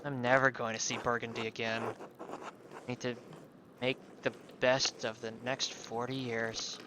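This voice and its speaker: A man's voice: mid-range voice, flat delivery, a little slow, background noise, pitched below the performer's own voice, close to an everyday voice. A man voicing a resigned young monk with a put-on foreign lilt, reading game dialogue. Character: young male monk far from home, resigned.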